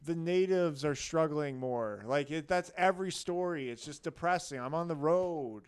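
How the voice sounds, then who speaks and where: A man's voice: a little high, normal speed, clean tone, dry recording. A man from Canada co-hosting a comedy podcast, teasing his friend and laughing a lot in casual chat. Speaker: podcast co-host.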